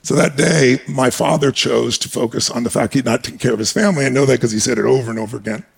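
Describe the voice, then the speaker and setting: A man telling a personal story on stage as a guest speaker, animated and emphatic, acting out the scenes. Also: mid-range voice, fast, gravelly, breathy edge.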